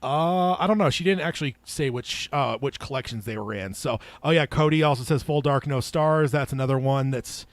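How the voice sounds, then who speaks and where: A man's voice: mid-range voice, brisk, few pauses, no echo. Laid-back man co-hosting a podcast. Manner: relaxed, many fillers and restarts, laughs often. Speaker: podcast co-host. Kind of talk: casual chat, reading listener emails.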